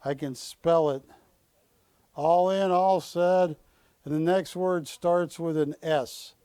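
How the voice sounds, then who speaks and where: Hosting a shopping-channel auction live from a TV studio, a man jokes and pleads with viewers while calling bids, his "going once, going twice" rising each time. He talks slowly with fairly even intonation, his higher voice dark, clear, and resonant, with no echo.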